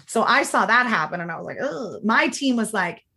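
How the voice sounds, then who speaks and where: Her voice is on the high side, expressive, fairly quick, bright, and forceful. She's a woman in her thirties guesting on a podcast interview, chatting through her story, using "like" constantly and performing quoted lines in altered voices.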